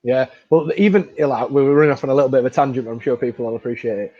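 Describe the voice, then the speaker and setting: A man hosting a podcast, telling stories in an enthusiastic, relaxed chat. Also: mid-range voice, very fast, dry recording. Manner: chatty storyteller, relaxed and enthusiastic. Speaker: podcast host. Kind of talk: casual chat. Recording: dry, dull lo-fi sound.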